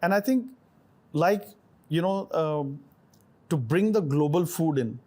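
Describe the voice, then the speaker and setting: A man's voice: fairly high pitch, darkish tone. A middle-aged man from India, a chef answering interview questions thoughtfully with many fillers and restarts.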